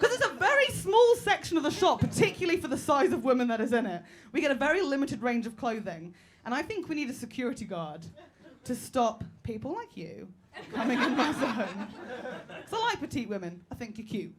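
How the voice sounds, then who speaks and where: A woman performing a stand-up comedy routine, loud and brash, shouting her punchlines. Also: on the high side, very animated, brisk. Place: small comedy club. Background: audience laughter.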